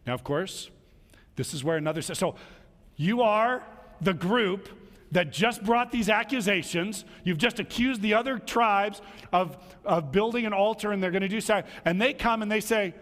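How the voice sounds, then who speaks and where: A man preaching a sermon in an animated way, acting out quarrels between people as he talks. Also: fairly high pitch, moderate pace. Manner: animated, acts out quarrels in little voices. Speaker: pastor. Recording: long hall reverb.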